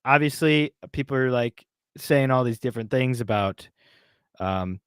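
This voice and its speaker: A man's voice: medium pitch, normal speed, smooth, no room sound, clean studio sound. A man co-hosting a casual podcast, ranting in a heated, exasperated way. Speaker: podcast co-host.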